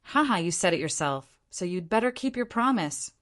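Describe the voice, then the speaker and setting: A woman's voice: lowish voice, animated, normal speed, natural voice. A woman voicing a cheeky, easygoing young male martial hero in an audiobook, with a teasing, casual manner.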